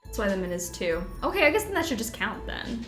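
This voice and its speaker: A woman's voice: medium pitch, very animated, fast talker. A woman streamer casually chatting while playing a game, slipping into baby talk with her dog. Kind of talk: casual gameplay commentary. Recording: echoey room with loud music.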